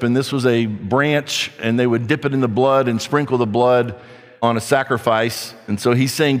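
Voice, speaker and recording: A man preaching an earnest sermon, slowing down when he reads scripture aloud. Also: mid-range voice. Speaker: pastor. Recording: long hall reverb.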